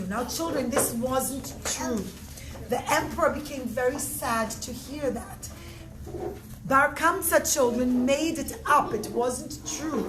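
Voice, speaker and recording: A woman telling a story to children, animated, often calling out to them. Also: sits high, measured pace. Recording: echoey room with steady noise.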